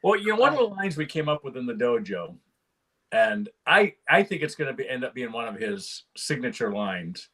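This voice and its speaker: A man's voice: mid-range voice, sing-song, moderate pace, fairly bright tone, husky. Older man hosting a rambling chat. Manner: rambling, frequent restarts, laughs often. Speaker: podcast host. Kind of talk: casual chat.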